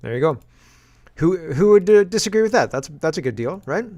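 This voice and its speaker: A man's voice: a little high, animated, fairly quick, darkish tone, dry recording. A man who hosts a casual political commentary show, talking sarcastically with chuckling asides. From Canada.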